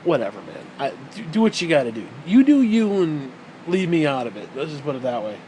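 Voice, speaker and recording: A man's voice: fairly high pitch, very animated, fairly quick, warm tone, a little hiss or hum, poor audio. A man delivering a heated, profane and sarcastic ranting monologue as a vlogger.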